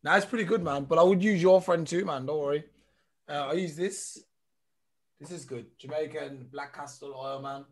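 A man's voice: on the high side, moderate pace. A man from England, chatting in a laid-back way. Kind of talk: casual chat.

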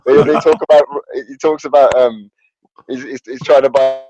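A man's voice: mid-range voice, no room sound. A man who plays music, co-hosting a podcast and telling stories in casual chat. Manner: quick storyteller, lively. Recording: dull lo-fi sound.

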